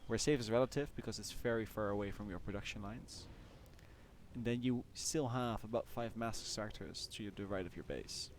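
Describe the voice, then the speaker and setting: A man casting a strategy game tournament, calmly walking through the map layout in casual commentary. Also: fairly low pitch, moderate pace, a little hiss or hum. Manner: relaxed, explains maps step by step. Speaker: caster.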